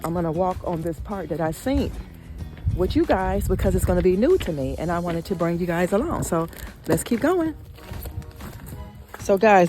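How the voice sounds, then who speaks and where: Woman, excitable walking vlogger, mellow tone, soft music under. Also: medium pitch. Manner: chatty and excitable, keeps calling out to viewers. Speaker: lifestyle vlogger. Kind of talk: casual outdoor walking vlog. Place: outdoor park trail by a pond.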